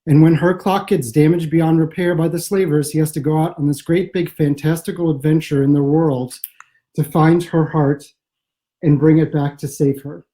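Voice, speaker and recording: A man's voice: on the high side, fairly even intonation, moderate pace, dark tone, rough recording. A man from the American Midwest, a comic writer as an interview guest, talking over a video call in a thoughtful, rambling way. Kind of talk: casual interview chat.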